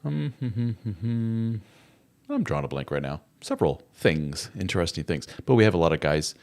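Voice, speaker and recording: A man's voice: sits low, very animated, moderate pace, darkish tone. A middle-aged man hosting a casual live-stream chat, jokey and chatty as he greets viewers and reads their comments aloud. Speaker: host of a live chat show.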